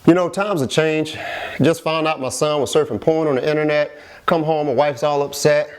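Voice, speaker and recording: A man's voice: fairly high pitch, steady tone, normal speed, a little hiss or hum. Man acting out voices in stand-up. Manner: acts out voices in his stories. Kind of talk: stand-up comedy set.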